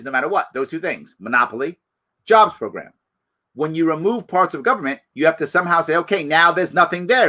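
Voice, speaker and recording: A middle-aged man hosting a live political talk show, giving animated, emphatic commentary full of rhetorical questions. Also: a little high. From New York.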